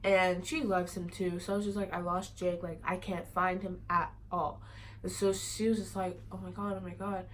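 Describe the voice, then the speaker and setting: A woman's voice: on the low side, little pitch movement, normal speed, a little hiss or hum, poor audio. A teenage girl telling a personal story in a casual, rambling way, full of fillers. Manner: rambling, many fillers like "like" and "you know". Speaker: vlogger.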